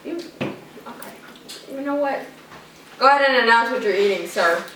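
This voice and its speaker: A woman's voice: on the high side, lively intonation, moderate pace, fairly bright tone, far from the mic. Chatty young woman in an echoey room. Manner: upbeat and chatty, laughs often. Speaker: podcast co-host. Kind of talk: casual family chat during a food-eating video. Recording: echoey room, voice off-mic, light hiss.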